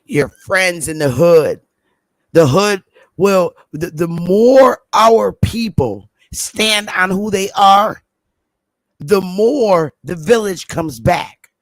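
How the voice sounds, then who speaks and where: A woman's voice: on the low side, takes it slowly. A middle-aged woman talks straight to her livestream viewers. She is emphatic and drives home her points by repeating them. The sound is close and dry, with no room echo. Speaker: livestream host.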